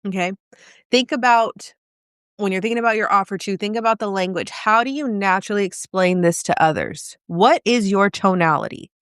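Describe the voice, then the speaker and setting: A woman's voice: medium pitch, normal speed, a bit bright, clear, resonant tone, no room sound, clean studio sound. A woman business coach talking casually and directly in a live video, asking her viewers many questions.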